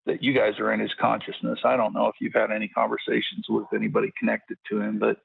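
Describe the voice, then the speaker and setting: A man calling in to a talk show in casual chat, with a measured, agreeable manner. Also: lowish voice, level tone, vocal fry, slightly rough, no echo, poor audio. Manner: measured, agreeable, many "yeah"s. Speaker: caller.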